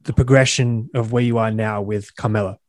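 A man hosting a podcast, asking short questions in a relaxed, unhurried way. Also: on the low side, dry recording, studio quality. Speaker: podcast host. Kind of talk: interview questions.

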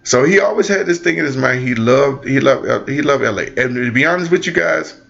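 A man's voice: fairly quick, creaky, lo-fi sound. A man from the Midwest, a father telling family stories in casual chat and acting out the voices he quotes. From American Midwest. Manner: animated, acts out quoted voices with big pitch jumps. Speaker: father and co-host.

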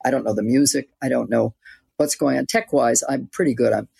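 A woman's voice: a bass voice, brisk, vocal fry, warm tone, husky, no echo. A woman in her eighties, an actress and author, chatting reflectively as an interview guest with light laughs mid-sentence. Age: 80s. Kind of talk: casual interview chat.

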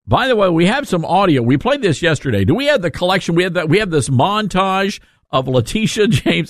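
Radio host guy, jokey and animated, voice bouncing up and down, dry close mic. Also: high voice, brisk, no room sound. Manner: joking, lively, self-mocking. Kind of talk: casual talk radio monologue.

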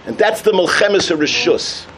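A man giving a sermon full of jokes and parables, telling them with energy and shouting out the punchlines. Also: sits high, expressive, normal speed, noisy background. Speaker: rabbi giving a talk.

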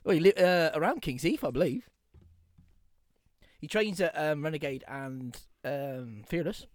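A man's voice: fairly high pitch, measured pace, no room sound, studio quality. A man co-hosting a casual podcast, laughing, swearing and chatting about fights. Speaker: podcast co-host. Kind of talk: casual banter, fight talk.

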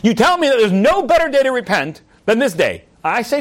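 A man's voice: extremely high pitch, big pitch swings, fairly quick, few pauses. A man teaching a class on religious texts, reading Hebrew verses aloud and translating them with jokes and rhetorical questions. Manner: reads Hebrew sources and translates, acts out voices, rhetorical questions. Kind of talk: animated Torah class with humor.

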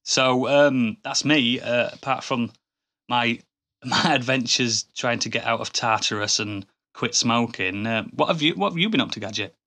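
A man's voice: medium pitch, moderate pace, pushed and bright. A man co-hosting a podcast in casual chat, enthusiastic and rambling, often restarting his sentences. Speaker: podcast co-host.

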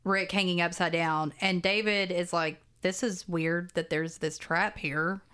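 A woman's voice: lowish voice, fairly even intonation, measured pace, bright, forceful tone, a little hiss or hum. A woman co-hosting a casual podcast, recapping a movie plot in a dry, dismissive way with frequent offhand asides. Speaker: podcast co-host.

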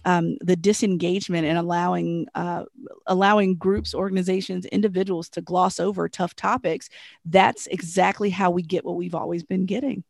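A woman hosting a casual podcast conversation, animated and laughing often, with many "you know"s. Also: on the low side, normal speed, vocal fry, no room sound, studio quality.

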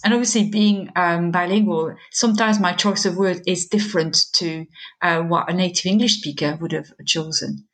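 A woman's voice: fairly low pitch, normal speed, fairly bright tone. A woman from southwest France, a teacher with a French accent whose first language is French, telling stories in a podcast interview. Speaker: teacher, guest.

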